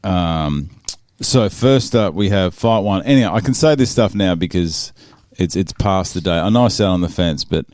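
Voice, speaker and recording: A man's voice: low voice, lively intonation, normal speed, few pauses, darkish tone, no room sound, studio quality. An Australian man hosting a podcast, telling a story in casual chat with many restarts. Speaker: podcast host.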